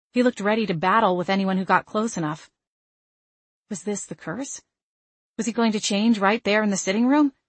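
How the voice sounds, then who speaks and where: A woman reads a first-person novel aloud with an expressive, emotional delivery. Her mid-range voice sits close and dry on the mic, with almost no room sound. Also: medium pitch, dry recording. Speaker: audiobook narrator.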